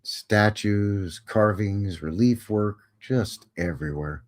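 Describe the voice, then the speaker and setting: A man with a fairly low voice hosts a live show, talking about photos in a relaxed way. His tone is wry and joking, and he is quick to sound amazed. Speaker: host.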